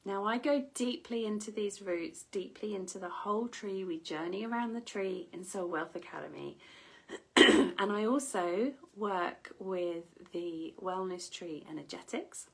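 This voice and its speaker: A woman wellness coach giving a slow, gentle motivational talk, often dropping into breathy half-whispers. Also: medium pitch, low-quality recording.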